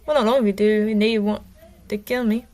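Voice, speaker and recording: Woman reading as a calm, fearless teen boy in a storybook, faint British tinge. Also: medium pitch, fast, close to an everyday voice. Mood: unbothered. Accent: light British put-on. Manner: calm, unbothered.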